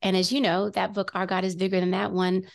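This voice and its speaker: Middle-aged woman, gravelly, mid-pitched voice, earnest personal testimony, talk-show guest, restarts sentences. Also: flat delivery, a little fast. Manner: earnest storytelling with frequent restarts.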